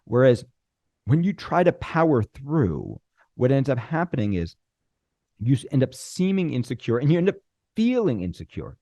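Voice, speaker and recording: Teaching screenwriting, this middle-aged man speaks at medium pitch, his voice animated and swooping with a gravelly edge. Deliberate pauses and acted-out snippets of dialogue shape his instructional talk, captured close and dry with no room sound.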